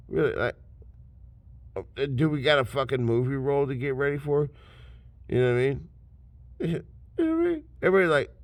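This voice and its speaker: A man ranting to camera, swearing constantly and swinging between mocking shouts and low mutters. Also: dry recording. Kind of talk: profane rant to camera.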